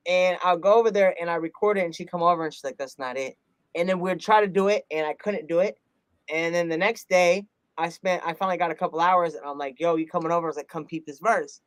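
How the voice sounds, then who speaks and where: A man, a rap artist, telling a personal story in an earnest, animated way, often laughing and acting out quotes. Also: high-pitched, fast talker, smooth, dry recording. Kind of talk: casual interview storytelling.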